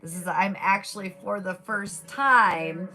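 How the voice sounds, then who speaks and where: A woman's voice: medium pitch, unhurried, pushed and bright, soft background music. A woman chatting casually on a live stream, rambling with many fillers, her throat a little scratchy. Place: at home at a table. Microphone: device mic without boom arm.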